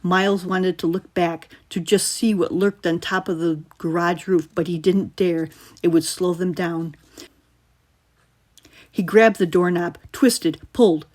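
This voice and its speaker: Woman author narrating her horror short story; lowish, suspenseful, measured. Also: fairly even intonation, darkish tone.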